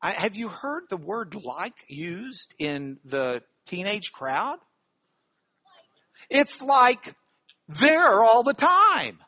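A middle-aged man from Texas, teaching a Bible study with emphatic, animated delivery. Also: sits high, extremely slow.

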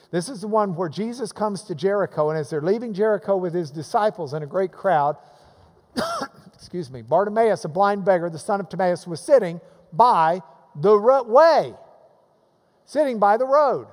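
A man preaching a sermon as a pastor, animated, acting out the voices in the passages he quotes. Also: sits high, in a large hall.

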